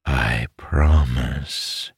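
A man narrating a fantasy audiobook, voicing a scheming, seductive female scholar who talks in soft, smug, coaxing tones. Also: lowish voice, lively intonation, slow pace, dry recording, clean studio sound.

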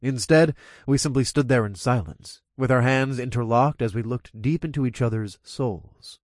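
A man reading a first-person story aloud at an ordinary middle pitch. His character's lines come out in a low growl. The recording is dry and close, with no room sound. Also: normal speed, a little mellow, no echo. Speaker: narrator.

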